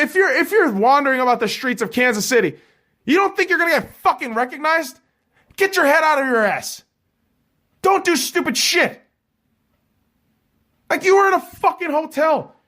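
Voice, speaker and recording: Profane, fired-up male sports podcaster. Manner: heated, swearing constantly, drops low and flat reading scores. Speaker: podcast host.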